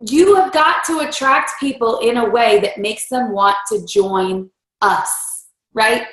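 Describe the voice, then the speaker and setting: A fairly high-voiced woman gives a lively motivational talk to her team. She slips into playful voices for the things people might say. The sound carries a roomy echo. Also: slow. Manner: animated, acts out voices in quotes. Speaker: team leader giving a training talk.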